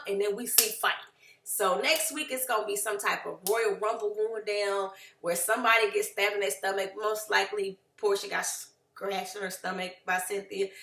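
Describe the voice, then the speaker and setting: A woman casually recapping a reality show, acting out what the cast said in lively voices. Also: fairly high pitch, roomy sound. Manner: animated, acts out quotes of the cast.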